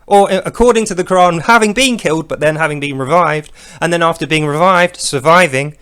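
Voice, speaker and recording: A man giving sarcastic, mocking commentary to camera as a video commentator, breaking into loud comic voices for the quotes he acts out. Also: fairly high pitch, fairly quick, clean tone.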